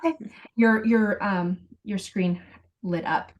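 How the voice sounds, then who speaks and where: A woman's voice: mid-range voice, fairly even intonation, takes it slowly, dull audio. A woman parenting coach on a video call, patiently explaining step by step and acting out sample phrases.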